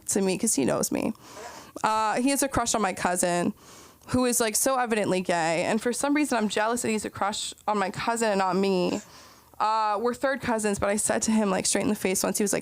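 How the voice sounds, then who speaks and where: High, smooth-voiced woman comic. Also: lively intonation, a little fast, no echo. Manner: rambling, breathless storytelling with lots of "like". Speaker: stand-up comedian. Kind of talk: stand-up comedy set.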